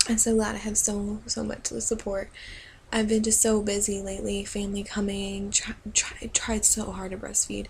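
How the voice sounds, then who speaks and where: A young woman talking casually to her camera as a new mother, soft and rambling with many pauses and restarts. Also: medium pitch, vocal fry, slight background noise, rough recording. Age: young adult.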